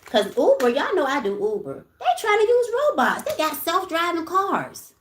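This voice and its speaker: A woman's voice: high-pitched, huge pitch swings, moderate pace, roomy sound, background noise. A woman hosting a casual livestream, talking bluntly with lots of swearing, moving between ranting and soothing her viewers. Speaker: livestream host.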